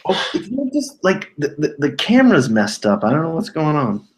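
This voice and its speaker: A man's voice: fairly high pitch, wildly swooping pitch, moderate pace, poor audio. A man chatting casually on a live stream, joking and swearing as he shows off old items. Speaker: co-host showing items.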